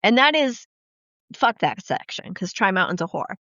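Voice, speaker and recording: A woman hosting a podcast, telling profane, lively stories in casual chat and acting out the quoted lines. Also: medium pitch, normal speed, no echo. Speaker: podcast host. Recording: dull, dry lo-fi podcast audio.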